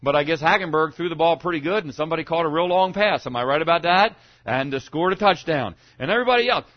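A man preaching a sermon to his congregation, swinging from loud to hushed as he goes. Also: fairly high pitch, quick pace. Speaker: pastor. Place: church sanctuary. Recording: dull lo-fi sound.

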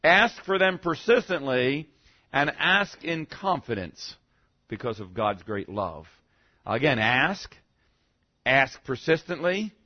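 A man's voice: a little high, highs cut off. A male pastor preaching a teaching sermon in a conversational way, often checking in with the congregation and punching key words for emphasis.

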